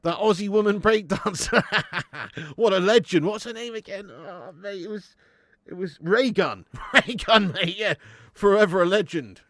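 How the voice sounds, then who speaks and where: A young man hosting a live football watch-along, chatting with viewers, laughing often and swearing freely when excited. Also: high-pitched, moderate pace, dry recording, clean studio sound. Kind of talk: live match commentary and chat with viewers.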